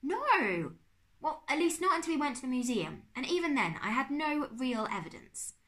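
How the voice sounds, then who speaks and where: An excitable middle-aged uncle, put on by a woman reading a storybook aloud, fussy and quick to exclaim. His voice swings widely up and down as he lectures and frets. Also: high-pitched, voice pushed up. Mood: explaining. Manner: exclaiming, spluttering.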